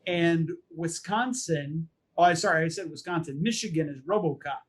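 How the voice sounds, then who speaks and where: Husky, high-voiced man co-hosting a podcast. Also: moderate pace. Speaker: podcast co-host. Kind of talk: casual chat.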